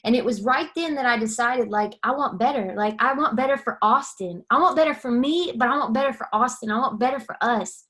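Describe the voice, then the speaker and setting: A woman's voice: on the high side, brisk, few pauses, pushed and bright. A young woman, giving a candid personal testimony and acting out quoted dialogue as she tells it. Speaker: guest sharing her testimony.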